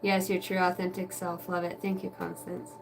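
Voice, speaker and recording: A woman's voice: on the low side, completely flat delivery, moderate pace, gravelly, far from the mic, low-quality recording. A woman hosting a card-reading livestream, venting in a rambling, profane way and chatting with viewers by name. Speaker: oracle card reader and livestream host. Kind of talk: casual livestream rant.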